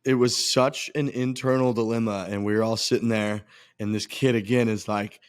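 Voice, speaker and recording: A man's voice: on the low side, steady tone, moderate pace, dry recording, clean studio sound. A young adult man co-hosting a podcast, retelling a friend's mishap in casual, jokey chat. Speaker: podcast co-host.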